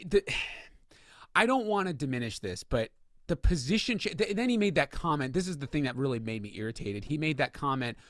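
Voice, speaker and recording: A man's voice: a little high, moderate pace, no room sound, studio quality. A man co-hosting a sports podcast, telling stories in casual, profane chat. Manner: profane, animated storytelling with acted quotes. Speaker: podcast co-host.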